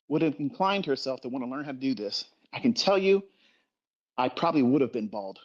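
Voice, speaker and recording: A man's voice: medium pitch, expressive, brisk, muffled recording. A middle-aged man speaking in an impassioned livestream rant about trading, blunt and emphatic, swearing constantly and repeating himself for force.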